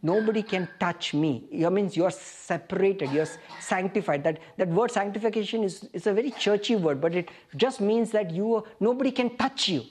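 A woman's voice: mid-range voice, normal speed, hardly any pauses, a little mellow, slightly rough. A woman preaching a sermon, reading scripture aloud and asking the congregation questions.

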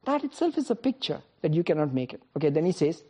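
A woman's voice: low voice, sing-song, fast talker, dark tone, husky. A woman preaching a sermon, firing rhetorical questions at the congregation, calling on people by name and laughing often between points.

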